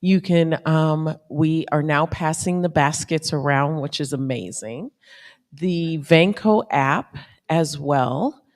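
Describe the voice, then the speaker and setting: A woman's voice: deep voice, takes it slowly. A woman board president making informal announcements in a church. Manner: plain, informal, with fillers. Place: church sanctuary. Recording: long church reverb.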